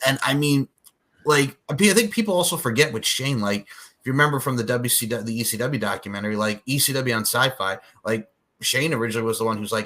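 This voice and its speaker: Bright-voiced male podcast host. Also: medium pitch. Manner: animated, fan-like, profane, fast asides. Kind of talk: casual chat.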